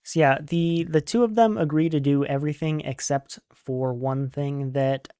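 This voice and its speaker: A man's voice: fairly high pitch, moderate pace, smooth, no room sound. A young man hosting a gaming channel, rambling casually with lots of fillers as he plays and sums up a book. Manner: rambling, relaxed, many "like" fillers. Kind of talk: casual gameplay commentary and book summary.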